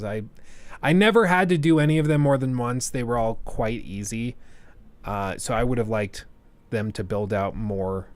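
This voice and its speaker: With a mid-range voice and no echo in the audio, a young man chats casually on stream. He thinks aloud, stumbling over restarts and fillers along the way.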